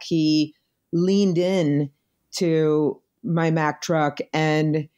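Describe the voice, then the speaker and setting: Low, mellow-voiced middle-aged woman. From United States. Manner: reflective storytelling, warm and earnest. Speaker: podcast guest. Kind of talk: conversational interview.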